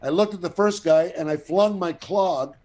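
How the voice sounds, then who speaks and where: An older man, an actor and guest, telling a long anecdote in a casual, profane, animated way. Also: sits high, normal speed, background noise. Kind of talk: casual storytelling.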